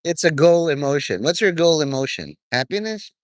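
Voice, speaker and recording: A man's voice: fairly high pitch, expressive, normal speed, no echo. A man giving a rambling, profane, stream-of-consciousness monologue to his viewers. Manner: profane, stream-of-consciousness, drifting between topics.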